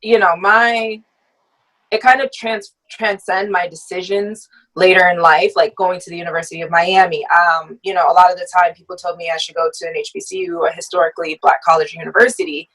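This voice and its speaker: A young woman speaks as a podcast guest, her voice sitting on the low side. She tells her story reflectively, often pausing on hesitant ums. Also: flat delivery, fairly bright tone, poor audio. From United States. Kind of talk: personal storytelling in a podcast conversation.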